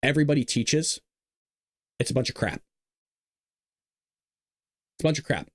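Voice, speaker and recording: A man's voice: medium pitch, moderate pace, no echo, studio quality. A man hosting a live news commentary show, ranting emphatically with repeats and restarts.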